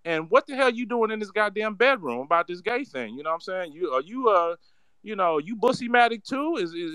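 A man's voice: high-pitched, sharp tone, clean tone, no room sound. A man giving a profane, ranting commentary, heated and mocking, heavy on slang and cursing. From San Francisco Bay Area. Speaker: political commentator.

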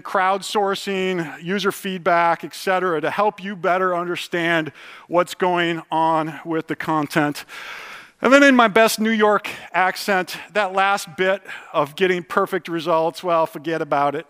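A man's voice: high-pitched, bright, forceful tone, clear, resonant tone. A middle-aged man giving a technical conference talk in a conversational way, with loose phrasing and asides like "right?". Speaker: conference speaker.

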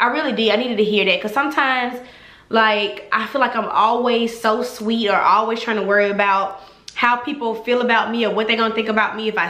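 Animated, sassy young woman vlogger. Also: on the high side. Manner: animated and sassy, addresses viewers as y'all. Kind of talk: casual storytime chat to camera. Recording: echoey room.

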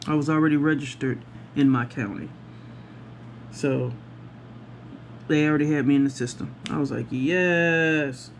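A woman chatting to viewers about her day while she works on a craft project, animated and talking straight to the camera. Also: moderate pace, pauses often, slight background noise. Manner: acts out other people's voices with big pitch jumps. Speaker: craft vlogger. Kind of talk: casual storytelling while crafting.

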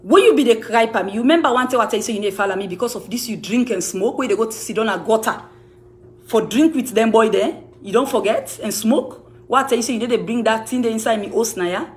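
A woman's voice: on the high side, fast talker, slight background noise. A woman with a Sierra Leonean Krio accent, a music manager answering accusations to camera in an accusing, emphatic, repetitive way. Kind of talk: heated rebuttal to camera.

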